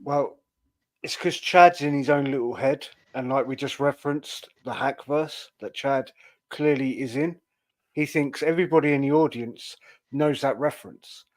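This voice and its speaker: A man's voice: medium pitch, steady tone, normal speed. A man co-hosting a podcast, chatting casually and sarcastically picking apart a comedian's act. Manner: sarcastic, explaining. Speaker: podcast co-host. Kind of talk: casual chat.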